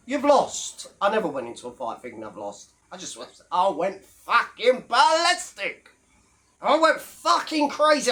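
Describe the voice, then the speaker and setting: High-pitched and fairly bright, this YouTube commentator's voice delivers a casual ranting monologue directly to camera. He mocks freely and swears throughout.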